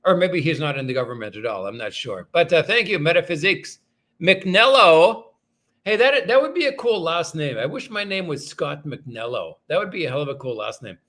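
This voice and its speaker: Male livestream host, higher and brighter than most men, loose and self-mocking as he chats with viewers. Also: expressive, moderate pace. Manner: rambling, self-deprecating, thanks viewers often. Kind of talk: casual livestream chat.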